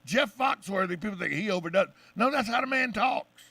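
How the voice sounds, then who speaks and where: Male radio host, high gravelly voice, bright and opinionated, a little off-mic in a dry studio. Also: brisk, no echo, distant mic. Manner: opinionated, animated storyteller. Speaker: radio talk show host. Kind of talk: casual radio chat.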